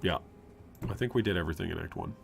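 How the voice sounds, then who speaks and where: A man streaming gameplay, chatty and animated, commenting on his build and answering chat. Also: sits low, fast talker, gravelly, faint music behind. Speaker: streamer, game host.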